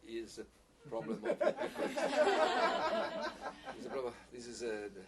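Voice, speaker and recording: Halting man teaching piccolo, distant mic. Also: medium pitch, steady tone. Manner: halting, repeats words, non-native phrasing, laughs often. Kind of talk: masterclass teaching, answering questions. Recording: distant mic with faint background hiss.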